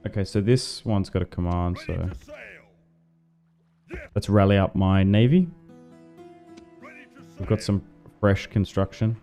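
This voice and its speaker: A man's voice: deep voice, takes it slowly, long pauses, warm tone, soft background music. A man from Tasmania with an Australian accent, chatting casually to his live chat while playing a strategy game, rambling with lots of fillers. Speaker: gaming livestreamer.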